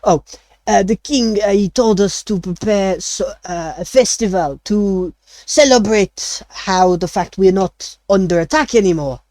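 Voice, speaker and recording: A man's voice: sits high, unhurried, a little mellow, no room sound. A man voicing a tall, lanky male chef who speaks with a put-on French accent and fumbles for words. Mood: fumbling.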